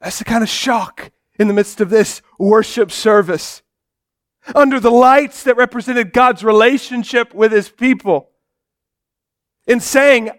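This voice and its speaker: In church, a man preaches with drama, alternating loud pronouncements with soft, low moments. The pastor keeps his delivery at a measured pace.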